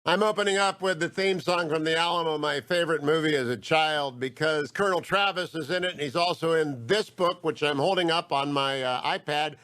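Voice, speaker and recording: A middle-aged man hosting a radio interview, chatty and enthusiastic, with quick asides. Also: a little high, fairly bright tone. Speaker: talk radio host.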